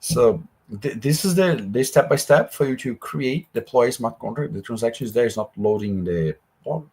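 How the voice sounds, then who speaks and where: A man's voice: medium pitch, expressive, moderate pace, a little mellow, breathy edge. A man teaching a live coding workshop, explaining each step in a conversational way with asides. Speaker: workshop instructor.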